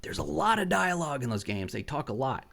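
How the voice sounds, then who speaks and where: A man's voice: mid-range voice, very animated, creaky, fairly bright tone. A middle-aged man hosting a casual gaming podcast, telling rambling stories with swearing and lots of restarts. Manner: rambling, profane storyteller; halting restarts and fillers. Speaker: podcast host.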